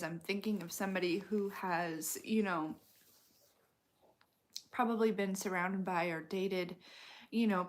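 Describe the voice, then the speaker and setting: A woman giving a casual intuitive reading, talking in a slow, rambling way with many fillers. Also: mid-range voice. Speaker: intuitive reader. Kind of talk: casual spoken tarot-style reading.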